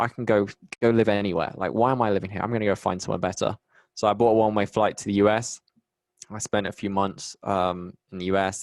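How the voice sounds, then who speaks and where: Young Bristol-accented man, low-pitched, rambling podcast guest in casual chat, dry sound. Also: no echo. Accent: English, Bristol. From England. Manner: chatty, rambling, many restarts. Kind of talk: casual conversation.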